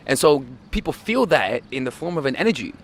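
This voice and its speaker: A man's voice: mid-range voice, very animated, a little fast, gravelly. A man speaking as a dating coach in an advice video, earnest and insistent, often repeating words as he gets going.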